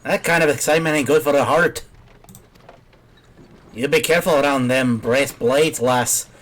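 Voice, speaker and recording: Folksy old Irish peddler voiced by a man, chatty and chuckling, mid-pitched with rough country grammar. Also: moderate pace, a bit bright, close to an everyday voice. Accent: put-on Irish.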